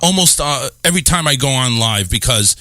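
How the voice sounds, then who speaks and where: A male radio host chatting on air in a bright, animated voice that swings up and down. He laughs often, teases, and repeats phrases as he gets his point out. His sound is dry and close. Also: mid-range voice, a little fast, dry recording. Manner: laughing, repeats himself, teasing. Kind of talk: casual on-air chat.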